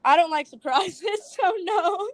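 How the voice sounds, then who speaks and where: A young woman, a guest TikTok creator, tells prank stories on a podcast in a very high, slightly slow voice over a very noisy recording. She giggles often and animatedly acts out her friends' lines in the casual storytelling.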